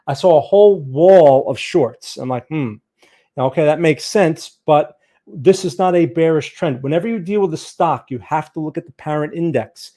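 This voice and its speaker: A man's voice: a little high, a little mellow. A man hosting a live trading stream, answering viewer questions casually and thinking aloud with frequent repeated words. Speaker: trading livestream host. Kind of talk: live Q&A on market charts.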